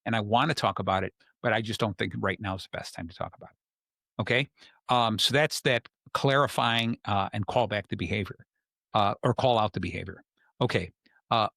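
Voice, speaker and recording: A man hosts a podcast in a calm, relaxed, explanatory way, pausing now and then to tell a story. His voice sits at an ordinary middle pitch. The sound is dry and close, with no room echo. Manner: calm, explanatory, tells stories. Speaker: podcast host. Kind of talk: casual coaching talk.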